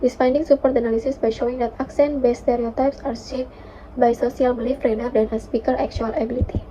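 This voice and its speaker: A young woman, a university student, reading a class presentation with careful, steady delivery and occasional fillers. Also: a little high, fast, a little hiss or hum. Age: young adult. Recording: dull lo-fi recording.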